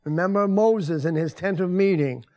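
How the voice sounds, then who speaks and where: A man's voice: high voice, normal speed, darkish tone. An older man, a pastor and grandfather, preaching a folksy, conversational sermon to his congregation in a church. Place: church sanctuary.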